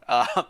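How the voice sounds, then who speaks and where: A man's voice: extremely high pitch, fairly bright tone, breathy edge. A man streamer reading a story game aloud with playful commentary, laughing often between the lines.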